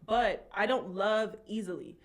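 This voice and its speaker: A woman's voice: mid-range voice, measured pace. A woman hosting a casual podcast, talking bluntly and candidly, with frequent swearing. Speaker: podcast host. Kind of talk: casual chat.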